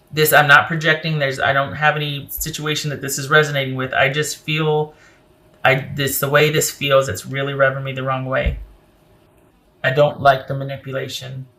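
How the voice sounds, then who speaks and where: A woman's voice: low voice, a bit bright, slight background noise. A woman giving a casual tarot reading to camera, emphatic and opinionated as she speaks straight to the viewer. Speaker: tarot reader.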